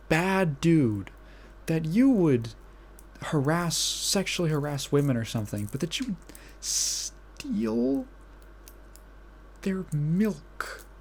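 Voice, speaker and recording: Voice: mid-range voice, darkish tone, slightly rough. A podcast host ranting in casual commentary, exasperated and profane, often restarting and trailing off mid-phrase.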